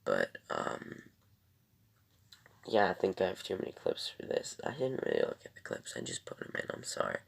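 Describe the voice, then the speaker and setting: A young man with a very low, gravelly voice rambles through an episode review. His pitch swoops lively up and down as he recaps, full of ums and quick self-corrections.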